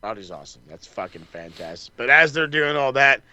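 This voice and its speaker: A man co-hosting a podcast, recapping wrestling in a casual, animated and profane way, acting out the wrestlers' lines. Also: medium pitch, brisk, lo-fi sound, a crowd in the background. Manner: animated, swears a lot, acts out wrestlers' lines. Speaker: podcast co-host.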